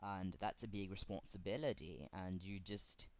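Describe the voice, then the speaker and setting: A man with a German accent speaking earnestly to camera in a fan tribute, halting and pausing often. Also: low-pitched, fairly bright tone. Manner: earnest, halting, with frequent pauses. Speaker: fan vlogger.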